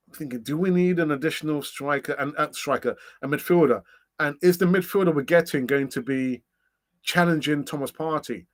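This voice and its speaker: A middle-aged man, fairly high-voiced for a man, hosts a casual live stream. He chats loosely, laughs easily and fills gaps with ums while he reads out comments. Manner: chatty, laughs often, thinks aloud with fillers. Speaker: host of a fan channel live stream.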